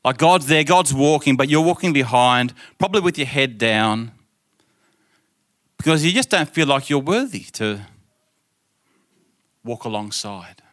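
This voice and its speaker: A middle-aged man preaching to his congregation in a loose, chatty storytelling way. His voice is bright and forward, and he slips into quick impressions of the people in his tale, often laughing along as he goes. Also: mid-range voice, lively intonation. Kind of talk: storytelling sermon.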